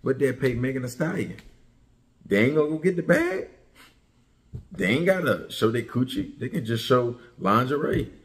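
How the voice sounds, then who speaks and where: A man's voice: medium pitch, expressive, normal speed. Male commentary host, heated and mocking, delivers a repetitive profane rant.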